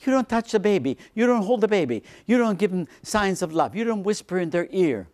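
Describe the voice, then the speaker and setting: A man, a priest, giving a lecture on faith to a seminar, repeating phrases for emphasis and dropping into quiet low asides. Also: brisk. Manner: animated, swings between emphatic lines and quiet low asides.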